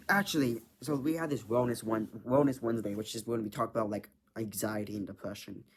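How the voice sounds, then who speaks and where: A man's voice: mid-range voice, fairly quick. Rambling, swearing young guy telling a story. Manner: rambling, heavy filler words, frequent swearing. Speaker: vlogger.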